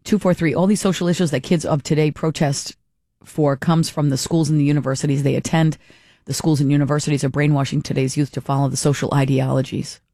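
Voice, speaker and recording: A woman's voice: deep voice, fairly even intonation, fast talker, warm tone, no room sound, clean studio sound. Blunt woman talk radio host. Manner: blunt, opinionated, talks back to texters. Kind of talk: talk radio, reading listener texts.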